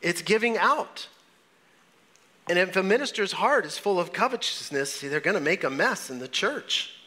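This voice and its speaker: A man preaching a sermon as pastor, earnest and urging, his voice swinging from loud highs to soft lows. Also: animated. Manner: earnest, rising and falling in pitch and volume, preaching with pauses.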